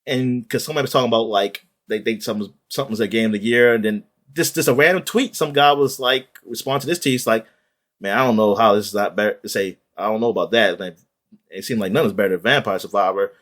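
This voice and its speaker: A man's voice: on the low side, quick pace. Rambling man in casual chat. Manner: rambling, animated retelling with many fillers and restarts; casual swearing. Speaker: podcast co-host.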